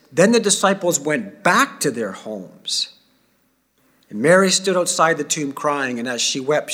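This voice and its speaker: A man giving a sermon, reading scripture aloud with feeling and dropping to quiet asides. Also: medium pitch. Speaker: preacher.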